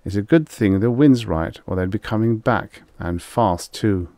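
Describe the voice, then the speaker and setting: A man's voice: fairly low pitch, unhurried, mellow, no echo. A man voicing a cautious male guide who speaks curtly and plainly. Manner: curt, matter-of-fact.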